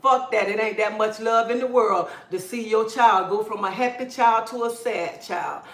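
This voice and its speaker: A woman's voice: fairly high pitch, moderate pace, a bit bright, roomy sound. Fiery woman ranting on a phone livestream. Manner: preachy, blunt, fiery. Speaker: livestream host. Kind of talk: impassioned livestream rant.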